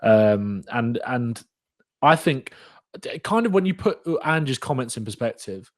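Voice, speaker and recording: A man's voice: mid-range voice, unhurried. A man co-hosting a podcast in easy, casual chat. His talk is loose and conversational, peppered with "like". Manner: relaxed, conversational, says "like" often. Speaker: podcast co-host.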